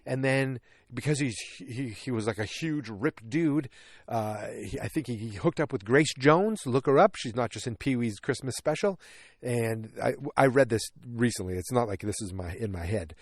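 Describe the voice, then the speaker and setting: A man's voice: medium pitch, moderate pace, no echo. Guy rambling about a movie on his podcast, medium voice, dry close sound, lots of jokey asides. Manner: rambling, self-correcting, joking asides. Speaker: podcast host. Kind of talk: casual movie recap podcast.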